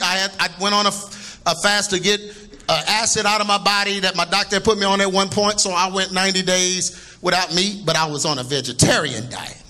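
A man preaching a sermon to a congregation, joking and laughing and breaking into shouts. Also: high-pitched. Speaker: pastor. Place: church before a congregation.

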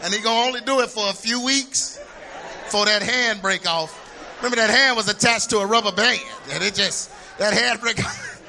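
A middle-aged man preaches with a very high, sharply bright voice. He tells funny stories and keeps shouting out his points. A congregation can be heard faintly behind him. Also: normal speed, a faint crowd, slight background noise. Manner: animated, shouts for emphasis, humorous storytelling. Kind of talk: sermon.

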